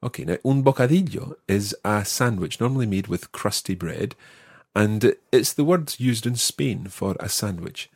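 A man with a low, slightly husky voice teaches an audio language lesson. He explains patiently and slows right down to model each word, recorded close and dry. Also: expressive, dry recording. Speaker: language teacher, podcast host.

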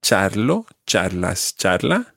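Man, Spanish teacher, lively pitch, gravelly tone, dry close sound. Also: no room sound. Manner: patient, models pronunciation slowly. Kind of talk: language lesson drills.

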